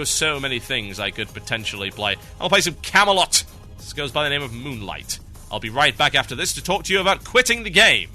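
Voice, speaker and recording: A man from northern England hosting a gaming podcast, talking casually and acting out the voices in his stories. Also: medium pitch. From Newcastle, England. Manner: animated, acts out quoted voices. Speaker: podcast host.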